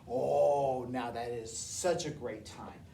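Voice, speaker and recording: Very low-voiced, animated woman teacher. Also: a little fast, recorded from a distance, slight background noise. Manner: lively, enthusiastic explaining. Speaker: music teacher. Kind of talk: teaching a workshop.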